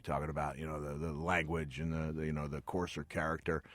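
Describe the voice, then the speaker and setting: Middle-aged man, very low voice, dry studio sound, chatty, self-deprecating, laughs a lot. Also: fairly even intonation, brisk, hardly any pauses, fairly bright tone, dry recording. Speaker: guest, retired pro wrestler. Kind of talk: radio interview storytelling. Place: radio studio. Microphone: studio mic.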